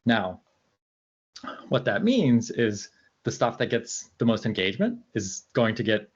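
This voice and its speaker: A man's voice: mid-range voice, very animated, unhurried, husky, lo-fi sound. A man being interviewed as a researcher, talking casually and hesitantly, with lots of fillers and restarts. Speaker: researcher guest.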